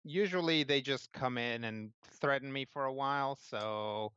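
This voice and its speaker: A man's voice: medium pitch, unhurried, pushed and bright, clear, resonant tone, dry recording, highs cut off, pitched above the performer's own voice. Man doing a nervous stammering old innkeeper. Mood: casual.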